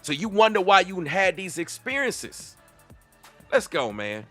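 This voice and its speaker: A man's voice: high-pitched, sing-song, unhurried, bright, forceful tone, faint music behind. A man giving a reaction commentary, confrontational and lecturing, speaking straight to the person in the clip.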